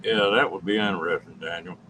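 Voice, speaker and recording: A man's voice: sits low, rough recording. A man who lives in an RV, chatting easily with viewers and answering their comments by name on a live stream. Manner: relaxed and chatty, with drawn-out laughs. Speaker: host of a live stream chat. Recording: faint background noise.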